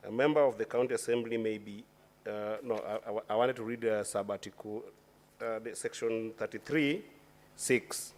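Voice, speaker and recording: A man with a low-pitched voice puts formal questions at a committee hearing. He speaks deliberately and often restarts his phrases. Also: fairly even intonation. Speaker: senator questioning a witness.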